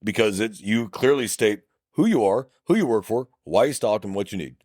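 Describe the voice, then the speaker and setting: A middle-aged man from South Texas with a Texan accent, a police officer co-hosting a casual podcast chat, blunt and animated, acting out quoted dialogue. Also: lowish voice, moderate pace, dry recording, studio quality. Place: podcast studio.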